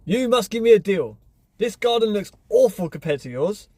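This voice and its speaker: A woman's voice: medium pitch, lively intonation, moderate pace, dark tone, no room sound, voice pushed up, close to an everyday voice. A man voicing a pushy woman neighbour who insists on a deal. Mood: insistent. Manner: insistent, demanding.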